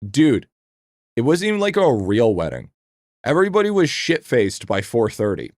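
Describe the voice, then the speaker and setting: Male game streamer, casual and profane, middling pitch, dead-dry room sound. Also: normal speed, dry recording. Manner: rambling, profane, excitable. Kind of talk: casual live-stream chat.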